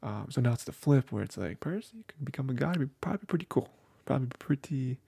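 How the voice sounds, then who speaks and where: A man's voice: mid-range voice, expressive, fast talker, vocal fry, dark tone, slightly rough, dry recording. A man co-hosting a book podcast, talking casually and rambling with lots of fillers. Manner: rambling, filler-heavy, with many "you know" and "like".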